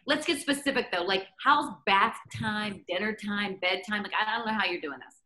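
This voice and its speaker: A woman's voice: mid-range voice, normal speed, bright, forceful tone. A woman interviewing a guest for an entertainment show, asking questions in a gushing, upbeat way.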